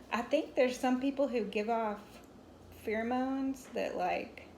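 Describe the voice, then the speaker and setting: A woman's voice: high-pitched, takes it slowly, darkish tone, a little hiss or hum. A woman in her forties telling a rambling story to her viewers while she crochets at home, stopping now and then to scold a pet. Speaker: crochet vlogger. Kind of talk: casual storytelling chat.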